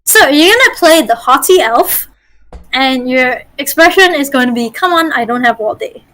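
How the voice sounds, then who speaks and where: A woman's voice: high voice, expressive, moderate pace, fairly bright tone, low-quality recording. A woman from Malaysia, a game master teaching voice acting over a group call, chatty and encouraging. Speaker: game master leading a workshop.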